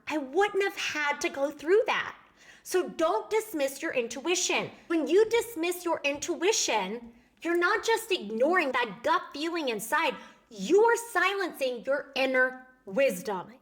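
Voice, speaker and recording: High-voiced earnest woman coach. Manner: chatty and earnest, animated with "like" and "y'all". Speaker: coach for highly sensitive people. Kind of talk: casual advice talk to camera.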